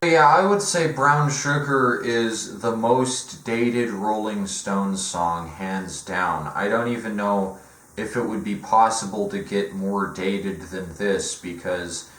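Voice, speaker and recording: A young man rants through sarcastic comedic commentary, profane and mocking. His voice sits low. The room gives it a clear echo. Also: slow pace, a bit bright. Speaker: video essay host. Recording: echoey room.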